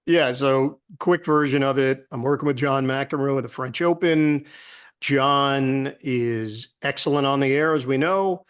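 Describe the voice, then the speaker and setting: A man's voice: mid-range voice, measured pace, smooth. A middle-aged man, a sportscaster guest, telling a story in a casual interview and acting out the voices of people he quotes. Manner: animated storyteller who acts out quoted voices.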